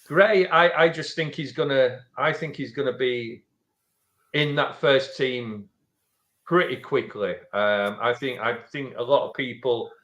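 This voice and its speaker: A man's voice: medium pitch, fairly bright tone. Yorkshire man with echoey sound. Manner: measured, opinionated, often restarts phrases. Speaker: football fan pundit. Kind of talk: casual football podcast chat.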